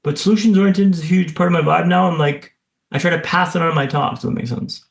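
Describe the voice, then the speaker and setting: A man's voice: on the high side, quick pace, gravelly, echoey room. A man guest on a podcast, telling a dramatic personal story in vivid, punchy lines with self-deprecating humour.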